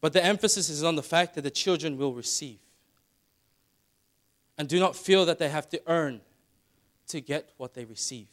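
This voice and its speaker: A middle-aged man preaching a sermon as pastor, building to loud emphatic passages. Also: fairly high pitch, normal speed, long pauses.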